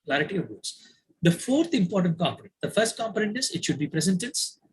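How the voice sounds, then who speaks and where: A man's voice: high voice, very animated, fast talker, rough recording. A man teaching an online yoga class who repeats his key phrases, uses many fillers and calls on his students by name.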